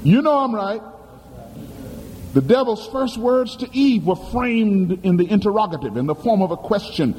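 A male preacher delivers a sermon with sweeping, lively pitch, swinging from high bursts to low, weighty phrases. His tone is mellow and dark, and he tells his story dramatically, firing questions at the congregation. A long church reverb trails every phrase, with a faint ambient hum beneath. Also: moderate pace. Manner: emphatic, dramatic storytelling with call-and-response questions. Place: church sanctuary.

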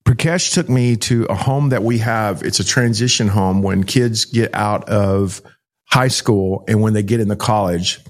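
A middle-aged man, a pastor, telling a personal story to an interviewer in an animated, emphatic way, acting out dialogue and repeating himself. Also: on the low side.

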